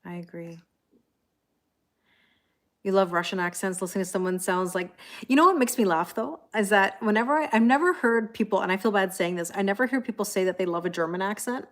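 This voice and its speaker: A woman's voice: medium pitch, a little fast, a bit bright. Chatty woman on a live stream. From Canada. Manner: chatty, laughs often, reads viewer comments aloud. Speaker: tarot reader. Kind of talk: casual live-stream chat.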